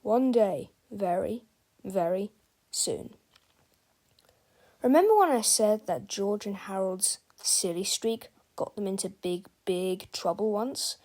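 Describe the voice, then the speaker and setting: Slow, gravelly woman reading a storybook. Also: medium pitch. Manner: slow, expressive storytelling, addresses listener. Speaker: storybook reader. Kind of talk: children's book read-aloud.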